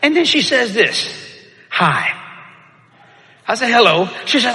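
A man, preaching and telling a story with lively shouts and laughter. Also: high-pitched, measured pace, pauses often. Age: older. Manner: animated, shouting punchlines, laughing. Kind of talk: sermon storytelling. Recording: echoey hall with crowd.

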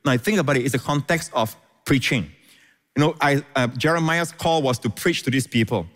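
Pastor preaching in a reverberant hall. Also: male voice, medium pitch, a little fast, fairly bright tone. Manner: repeats words, stutters and restarts, frequent amens. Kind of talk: sermon.

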